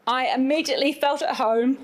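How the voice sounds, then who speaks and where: A woman's voice: high-pitched, steady tone, a little fast. A woman, giving an earnest, at times emotional speech as a newly elected city councillor. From England. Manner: emotional, tearful at moments, earnest.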